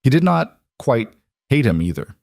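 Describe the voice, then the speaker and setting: A man giving measured, deliberate scripted narration of a crime drama. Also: medium pitch, sing-song, vocal fry, a little mellow, no room sound, clean studio sound.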